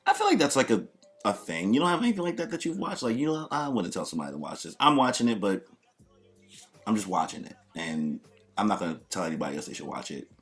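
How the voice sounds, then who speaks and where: A man's voice: on the low side, big pitch swings, quick pace, soft background music. A man talking casually and loosely, swearing and trailing off with fillers, as a podcast guest. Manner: laid-back, loose and profane, lots of fillers. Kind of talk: casual chat.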